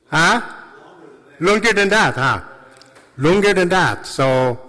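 A man telling casual stories and jokes into a handheld microphone, rambling and halting, laughing at his own anecdotes. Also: on the high side, sharp tone. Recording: long reverb of a large hall.

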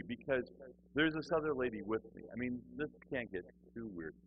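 A man's voice: mid-range voice, moderate pace, phone-quality sound, slight background noise. A middle-aged man telling a humorous personal testimony, acting out the people in his story as he goes. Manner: animated, acts out other people's voices.

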